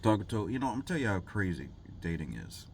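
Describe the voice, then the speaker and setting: Guy rambling on his vlog, low voice, jokey, bouncy up and down pitch. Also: very animated, quick pace, a little mellow, a little hiss or hum. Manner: rambling, jokey, drawling with fillers. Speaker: vlogger. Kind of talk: casual rambling vlog talk.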